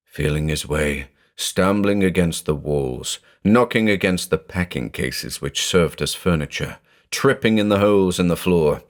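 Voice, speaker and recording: Male horror narrator, deep voice, animated delivery. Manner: dramatic, expressive storytelling.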